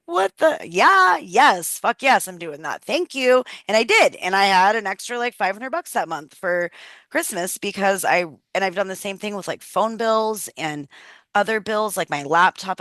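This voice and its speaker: A woman's voice: lowish voice, a bit bright, no room sound. A woman in her thirties leading a wellness workshop on a video call, telling personal stories in a chatty, candid way and swearing freely.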